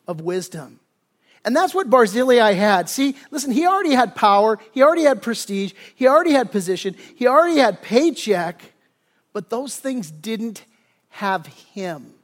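A male pastor preaching a sermon in a casual, animated storytelling way, often restarting his phrases. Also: high-pitched.

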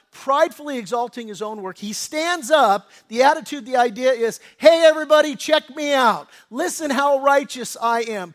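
High-voiced middle-aged man preaching. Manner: conversational storytelling with lively acted-out quotes; repeats and restarts words as he talks. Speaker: pastor. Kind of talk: sermon.

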